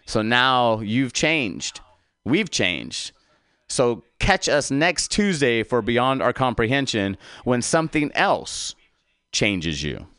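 Smooth, dry-voiced male podcast host. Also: mid-range voice, very animated, slow pace, bright, forceful tone, no echo. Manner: reflective, addresses listeners. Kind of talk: closing a show.

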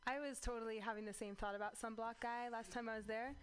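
A woman in a comedy workshop giving feedback on a joke, speaking haltingly with many "um"s and "like"s. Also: a little high, fairly even intonation, a little hiss or hum. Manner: halting, full of "like" and "um". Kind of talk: casual comedy notes.

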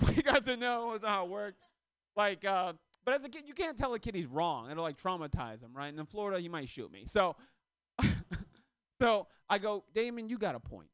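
A man in his thirties performing stand-up into a handheld mic at a comedy club. His voice sits high and swings widely, shooting up on the punchlines. The sound is clean and dry, with no room echo. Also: smooth. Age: 30s. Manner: loose conversational delivery with shouted punchlines. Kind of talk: stand-up set.

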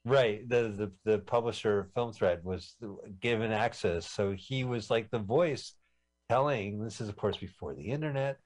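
A man's voice: fairly low pitch, moderate pace, darkish tone. A man co-hosting a podcast, reminiscing and chatting casually about a movie they are watching. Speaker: podcast co-host.

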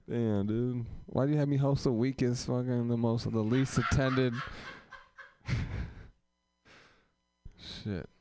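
A man with a mid-range, warm voice works the crowd as host of a small-room comedy open mic, poking fun at the audience with rambling profanity. His delivery is slow and steady, broken by frequent pauses, and a little hiss or hum sits under the recording.

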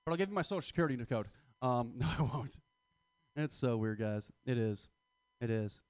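A man's voice: mid-range voice, lively intonation, moderate pace, a little mellow, smooth, dry recording, studio quality. A man in his twenties doing a stand-up comedy set, crude, rambling and self-mocking. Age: 20s. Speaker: stand-up comic.

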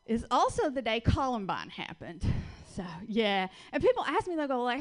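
A woman's voice: on the high side, very animated. A woman in her forties from Georgia with a Southern accent, doing a brash, dry stand-up set on a club stage. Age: 40s. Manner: dry, brash storytelling with punchline pauses. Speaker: stand-up comedian.

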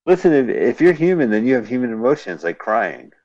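This man's mid-range voice has a sing-song lilt, a slightly fast pace and a mildly mellow quality. He and a co-host riff casually on an old silent film, with him explaining scenes and cracking wry jokes, all on a dull, lo-fi radio stream.

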